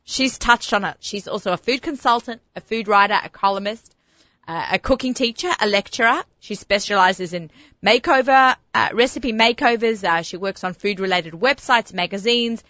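A woman with an Australian accent hosting a radio talk show, chatty and enthusiastic with quick laughs. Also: medium pitch, bright, forceful tone, no echo, highs cut off. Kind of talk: casual radio interview. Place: radio studio.

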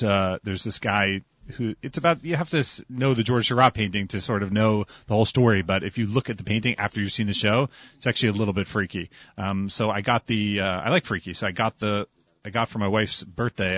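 A man co-hosting a casual chat, animated and jokey, making fun of himself. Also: fairly low pitch, no echo. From New York. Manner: animated, jokey, self-deprecating. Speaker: podcast co-host. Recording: dull dry lo-fi recording.

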